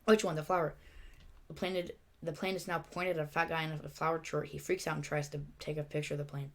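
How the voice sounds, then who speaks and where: Fast, stumbling script reader, a woman. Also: deep voice, little pitch movement. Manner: hurried, stumbling reading with restarts. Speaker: channel host reading a script. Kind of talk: fast script read-through.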